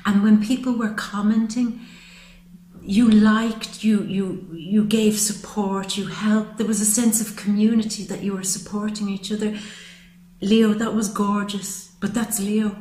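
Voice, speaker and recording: A woman's voice: medium pitch, steady tone, unhurried, warm tone, reverberant, rough recording. A woman giving a monthly tarot reading to camera, talking to her viewers in an affectionate, gushing way. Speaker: tarot reader.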